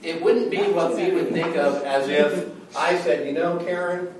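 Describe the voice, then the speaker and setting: A man's voice: a little high, measured pace, recorded from a distance, a little hiss or hum. A man teaching a Bible study in a conversational way, often checking in with his listeners. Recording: echoey room from afar.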